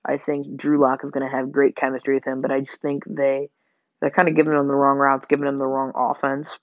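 A man's voice: mid-range voice, completely flat delivery, brisk, no room sound. A man hosting a sports podcast, rambling through game predictions with lots of fillers and self-corrections. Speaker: podcast host. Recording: dull lo-fi home mic.

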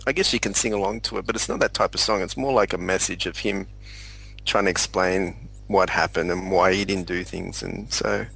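A man's voice: sits low, fairly even intonation, moderate pace, gravelly, fairly bright tone, slightly rough, low-quality recording. A man in a casual music discussion, earnest and explanatory, with many likes and you knows. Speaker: podcast panelist.

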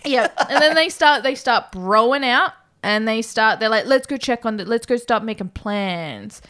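Lively laughing woman podcast co-host. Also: on the high side, a little slow, smooth. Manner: animated, laughs often, acts out quotes. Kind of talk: casual film recap chat.

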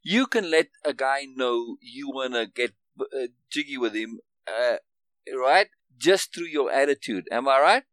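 A man's voice: medium pitch, lively intonation, a little slow, fairly bright tone, no room sound. Man explaining with many restarts. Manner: explains emphatically with many restarts and repeated words; keeps checking understanding with "right?". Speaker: podcast host. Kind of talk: casual one-on-one conversation.

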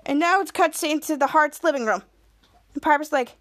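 A woman's voice: sits high, brisk, a bit bright, no echo. A woman podcast host giving a casual, rambling recap of a show episode, stringing events together with "and then".

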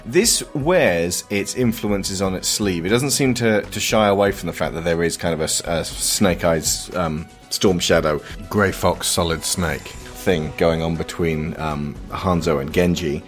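A man co-hosting a casual podcast chat, musing in a halting way. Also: low voice, soft background music. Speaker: podcast co-host. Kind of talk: casual discussion.

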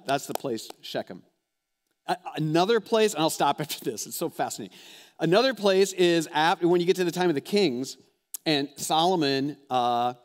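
A man preaching a sermon as a pastor, talking conversationally and putting direct questions to his listeners. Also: a little high. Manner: conversational, animated, asks the audience direct questions.

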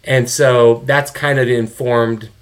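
Middle-aged man, interview guest, candid and animated storyteller. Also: medium pitch, takes it slowly. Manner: animated, swears, quotes people in their own voices. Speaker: guest, father of an addicted son.

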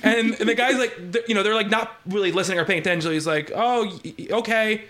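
A man's voice: sits high, quick pace, fairly bright tone. A man hosting a podcast, telling a story in casual chat with lots of fillers and restarts. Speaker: podcast host.

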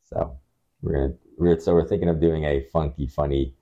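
A man's voice: rumbling low, steady tone, brisk, warm tone, highs cut off. A man co-hosting a casual podcast from a rented holiday home, rambling, laughing, and acting out quotes. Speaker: podcast co-host. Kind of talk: casual chat.

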